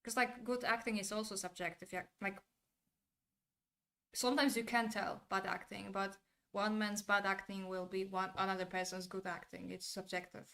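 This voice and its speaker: A woman giving her candid opinions in a casual monologue, turning animated when she imitates actors' delivery. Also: medium pitch, normal speed. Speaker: commentator.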